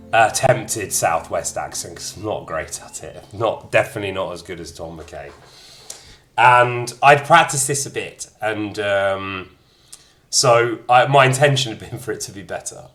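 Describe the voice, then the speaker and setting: A man gives casual game commentary in a fairly low voice, rambling and self-mocking. He swears freely and jokes about his own work. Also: a bit bright. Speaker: streamer and voice actor. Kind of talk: let's-play commentary.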